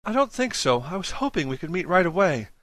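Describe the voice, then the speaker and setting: A man's voice: high voice, big pitch swings, fairly quick, a bit bright, no room sound, pitched above the performer's own voice. A man voicing a desperate, pleading young man. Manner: strained, near tears. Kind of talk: audiobook dialogue reading.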